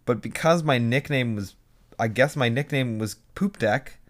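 A young man co-hosting a podcast, chatting casually and telling animated stories with quoted asides. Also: medium pitch, moderate pace. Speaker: podcast co-host. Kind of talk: casual chat.

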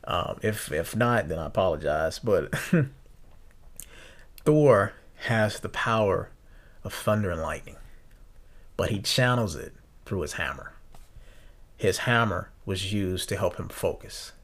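A young man hosting a podcast, talking earnestly and reflectively, often halting and restarting his sentences. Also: sits low, expressive, fairly bright tone. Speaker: podcast host. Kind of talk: reflective personal talk.

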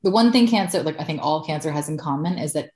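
A woman's voice: deep voice, expressive, quick pace, a little mellow. Candid woman in an echoey room. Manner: candid, swears freely, laughs often. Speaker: podcast guest. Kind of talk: candid conversational storytelling.

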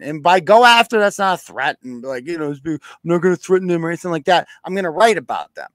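A man's voice: high voice, fast, fairly bright tone, dry recording. A man from New hosting a live show, cursing bluntly and acting out quoted exchanges in a casual rant. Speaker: podcast host.

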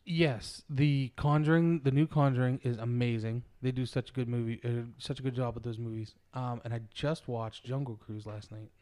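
A man's voice: medium pitch, little pitch movement, normal speed, few pauses, dark tone. A man in his thirties chatting casually and telling stories with a laugh. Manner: chatty storyteller, laughs at his own jokes. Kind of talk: casual chat.

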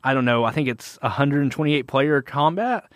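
A man's voice: medium pitch, normal speed, a bit bright, no echo, clean studio sound. Rambling man hosting a gaming podcast. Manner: rambling, lots of "like" and restarts. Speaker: podcast host. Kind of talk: casual gaming podcast chat.

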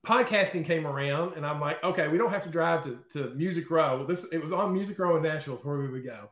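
A man guest in an interview, telling stories in a lively, chatty way and often checking in with "okay?" and "right?". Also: a little high, fast talker, roomy sound, soft background music. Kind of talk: casual storytelling in an interview.

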